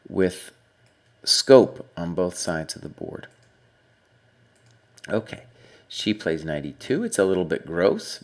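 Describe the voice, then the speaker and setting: A middle-aged man coaching chess, talking through a student's game in a casual, thinking-aloud way. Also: fairly low pitch. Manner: conversational, thinks aloud with fillers and asides. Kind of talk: casual spoken game analysis.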